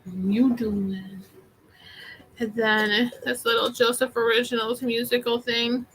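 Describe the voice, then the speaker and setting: A woman's voice: a little high, little pitch movement, normal speed, a bit bright, slight background noise, poor audio. A woman chatting casually through a live thrift haul, rambling with many fillers. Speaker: vintage seller vlogger.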